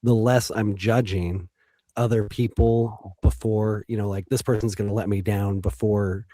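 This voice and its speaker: A man speaking as a guest in an interview, reflective and hesitant, with frequent pauses and restarts. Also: on the low side, fairly even intonation, warm tone, no echo, clean studio sound. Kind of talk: casual interview talk.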